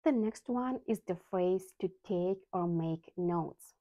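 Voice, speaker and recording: A woman who is not a native English speaker, teaching English vocabulary in a scripted lesson with slow, careful enunciation of example sounds. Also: on the low side, no room sound, lo-fi sound.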